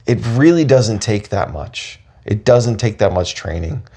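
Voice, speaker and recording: A man with a very low, deep voice co-hosts a casual podcast chat. He rambles and restarts his sentences as he thinks aloud. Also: lively intonation, unhurried, warm tone, husky. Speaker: podcast co-host.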